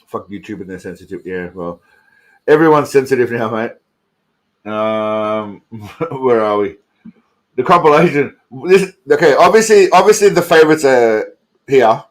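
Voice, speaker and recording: A man's voice: medium pitch, animated, a little slow. Tipsy male stream host, rambling and profane, repeats his words. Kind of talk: casual live stream chat.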